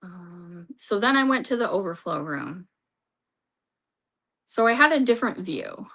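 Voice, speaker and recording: A woman's voice: lowish voice, sing-song, measured pace, fairly bright tone. A woman recapping a court trial in a casual, rambling way, reading from her notes and losing her voice. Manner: rambling, restarts, reads from notes.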